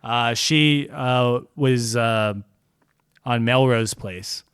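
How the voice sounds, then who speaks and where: A man co-hosting a podcast in casual chat, animated and swearing, laughing often. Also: mid-range voice, drawn-out words, clean tone, no echo, studio quality. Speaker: podcast co-host.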